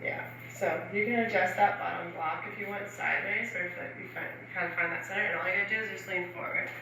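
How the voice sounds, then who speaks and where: A woman's voice: lowish voice, fairly even intonation, quick pace, vocal fry, background noise. A woman instructor guiding stretches in a casual, chatty way, often adding fillers and laughing. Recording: roomy echo from far off.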